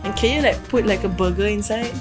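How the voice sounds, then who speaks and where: A woman's voice: mid-range voice, fast talker, music in the background. Playful young woman co-host. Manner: playful, teasing, giggly. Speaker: podcast co-host. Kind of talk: casual chat.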